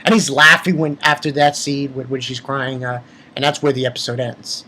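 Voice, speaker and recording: A man's voice: mid-range voice, flat delivery, normal speed, sharp tone. A man giving a casual spoken review of an episode. He rambles, swears freely and often restarts his sentences. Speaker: anime reviewer.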